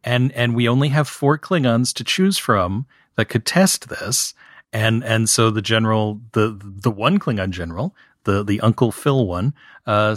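A man's voice: fairly low pitch, measured pace, no echo, studio quality. Wry, critical man in a podcast chat. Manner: wry and critical, mimicking lines in a lively, mocking voice. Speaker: podcast co-host. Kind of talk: casual chat reviewing an episode.

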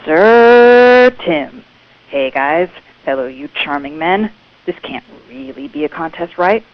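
A woman putting on a loud, perky woman reality show contestant in a muffled phone message. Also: lowish voice, very animated, takes it slowly, exaggerated voice. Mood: brash.

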